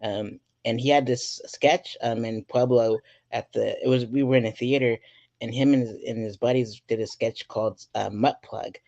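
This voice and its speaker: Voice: mid-range voice, fairly even intonation, normal speed, vocal fry, darkish tone, dull audio. A podcast host chatting casually, giggling and rambling with lots of fillers. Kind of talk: casual interview chat.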